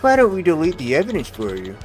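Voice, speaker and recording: A man's voice: a little high, huge pitch swings, quick pace, soft background music, voice pushed up. A man voicing a mocking, blackmailing young male street thug in a video game. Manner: mocking, taunting.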